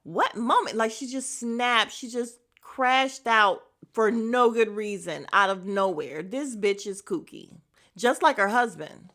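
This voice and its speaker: Woman host, casual podcast chat: blunt, profane, animated, with a sharp, slightly high voice. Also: measured pace. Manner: animated, mimics voices of others in quotes. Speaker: podcast host recapping a reality show.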